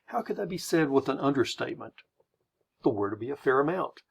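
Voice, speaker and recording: A man's voice: medium pitch, animated, fast talker, gravelly, husky. A man from the United States presenting a slide lecture in a conversational way, often restarting and adding asides.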